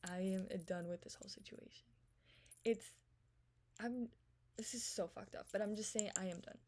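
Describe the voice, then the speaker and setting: A young woman telling a storytime vlog, recounting a text argument in a rapid, profane, exasperated way, swinging between loud venting and hushed asides. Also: medium pitch, steady tone.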